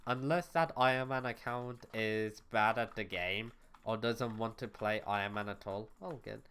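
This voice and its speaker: A man's voice: on the low side, normal speed, a bit bright, a little hiss or hum. A man streaming a video game as a VTuber, talking to chat in a rambling, blunt and exasperated way, swearing freely. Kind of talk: casual gaming livestream chat.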